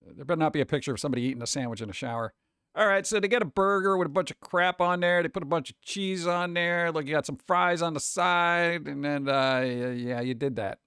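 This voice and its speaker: A man's voice: a little high, brisk, a bit bright, clean tone, no echo, clean studio sound. A man from New York with a New York accent, hosting a casual livestream and reacting to chat in a sarcastic, mock-exasperated way. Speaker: streamer host.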